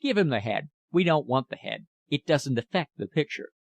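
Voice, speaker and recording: A man's voice: mid-range voice, very animated, moderate pace, vocal fry, dry recording. A man reading the part of a severe, dryly scornful young painter in an audiobook. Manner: severe, dry.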